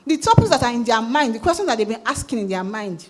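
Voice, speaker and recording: A woman with a Nigerian accent giving a sales talk at a conference, lively and asking the audience questions. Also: on the high side, fast. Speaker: conference speaker. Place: conference hall.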